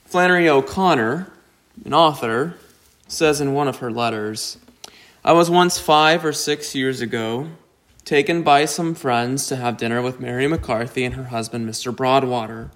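A man preaching a sermon, slow and deliberate, with emphatic rises on key points. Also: mid-range voice, a bit bright. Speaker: pastor.

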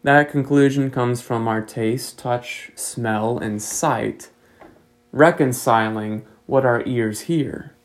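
A male pastor delivering a sermon in a measured, earnest way, building to pointed rhetorical questions. His voice sits in a middle pitch with a gravelly, fry-tinged edge. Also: poor audio.

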